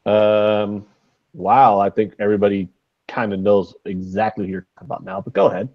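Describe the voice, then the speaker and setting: A man's voice: lowish voice, level tone, a little fast, highs cut off. A man co-hosting a casual sports betting podcast, rambling and joking with lots of fillers. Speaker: podcast co-host.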